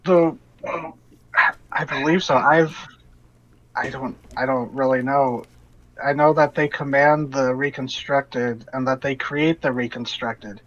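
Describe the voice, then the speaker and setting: A man runs a tabletop game as game master, retelling a frightened character's account and often stopping to restart his sentences. His voice sits at an ordinary pitch and comes through a dull, lo-fi voice chat recording. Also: fairly even intonation. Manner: halting, restarts often while relaying an NPC's story.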